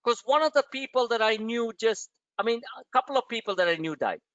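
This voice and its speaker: Man, trading webinar host, blunt, profane, emphatic, high voice, dry sound. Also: lively intonation, fairly quick, fairly bright tone, dry recording, highs cut off. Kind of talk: live trading webinar rant.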